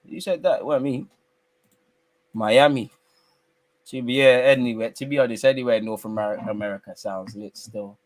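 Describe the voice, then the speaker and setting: Young male watch-along host, loose and slangy, with loud teasing bursts. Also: mid-range voice, normal speed, long pauses. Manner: teasing, slangy banter with sudden excited outbursts. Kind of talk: live football watch-along commentary.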